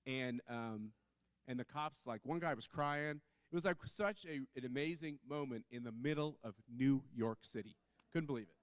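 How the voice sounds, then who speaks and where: A man's voice: mid-range voice, moderate pace, smooth, no room sound. A man on a conference panel telling a story in a chatty way, full of fillers and restarts. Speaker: panel speaker.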